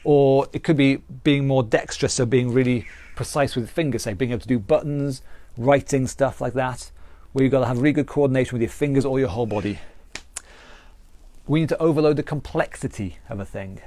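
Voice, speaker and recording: A man's voice: medium pitch, a little fast, mellow, no room sound. A man with a British accent, a fitness instructor explaining training principles in a live online class, earnest and repetitive, with restarts. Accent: British English.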